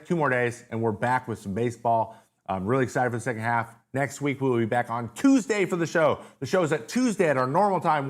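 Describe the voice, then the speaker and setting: A male host answering viewer questions in a loose, jokey, rambling way, sounding tired with his voice wearing out. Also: mid-range voice. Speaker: show host. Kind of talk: casual live-stream Q&A.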